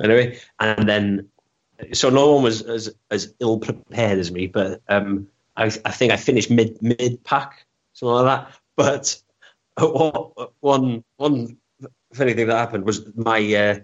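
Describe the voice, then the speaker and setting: Male guest, low-pitched, loose self-deprecating storyteller with stumbling restarts; muffled recording. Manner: rambling, self-deprecating, stammers and restarts often. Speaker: interview guest. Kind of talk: casual storytelling interview. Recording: dull lo-fi recording.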